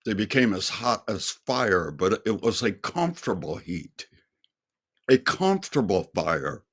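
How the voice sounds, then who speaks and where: An older man tells a personal story slowly and earnestly. His voice sits low and has a gravelly edge. He takes his time with every phrase. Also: big pitch swings, a bit bright. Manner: slow, earnest storytelling with quoted dialogue. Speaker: singer and speaker. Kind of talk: testimony storytelling.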